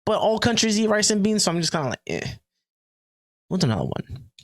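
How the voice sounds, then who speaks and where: A man hosting a podcast in casual chat, loud, joking and full of slang. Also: high-pitched, huge pitch swings, fairly quick. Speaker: podcast host.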